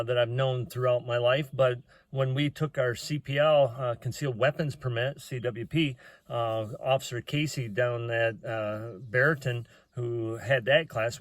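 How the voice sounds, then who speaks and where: A man's voice: medium pitch, no echo. A middle-aged man telling a personal story in a rambling, folksy way, with plain talk and lots of "uh" fillers.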